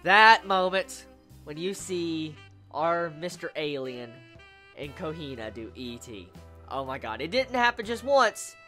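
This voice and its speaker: An anime reviewer talking in a casual, excitable way and swearing freely. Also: mid-range voice, measured pace, soft background music.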